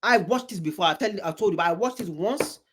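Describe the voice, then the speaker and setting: A man hosting a reaction video, talking in an animated, emphatic way, with big swings in pitch and many repeated, restarted words. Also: fast talker, noisy background. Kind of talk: reaction commentary.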